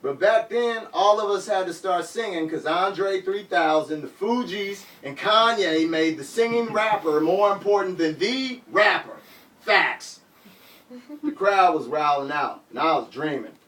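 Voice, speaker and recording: Male spoken-word poet, slightly high voice, rhythmic rap-style phrasing, live reading in a bookshop, caught by a room mic from a distance. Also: a little slow. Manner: rhythmic, rap-like delivery with sudden loud shouts. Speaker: poet reading his work. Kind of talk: live performance reading of poetry and prose. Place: bookshop reading in front of an audience. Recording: roomy sound, mic far off.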